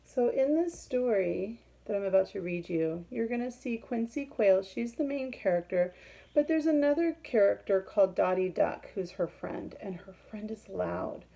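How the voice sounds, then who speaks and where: A woman reading a picture book aloud to children, explaining pictures and asking questions, with a husky voice. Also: mid-range voice, lively intonation, normal speed, mellow, poor audio.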